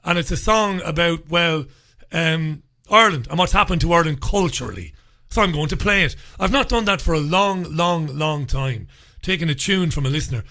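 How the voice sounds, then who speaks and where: A man's voice: on the high side, moderate pace, pushed and bright. A man hosting a radio talk show, chatting casually and rambling with plenty of filler words into a studio microphone.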